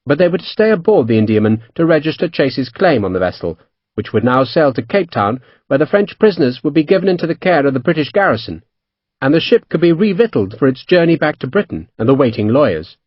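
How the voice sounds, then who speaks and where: A man narrating an audiobook in a steady storytelling manner. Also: fairly high pitch, quick pace, dry recording, highs cut off. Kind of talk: scripted narration.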